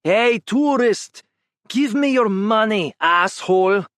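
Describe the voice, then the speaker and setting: A drunk, menacing street mugger barks slow and slurred, his voice pitched up and stretched out, as a male narrator puts him on. Dry, close audiobook sound. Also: lively intonation, dry recording, full character voice. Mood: drunk, threatening. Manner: slurred, drawn-out shouting.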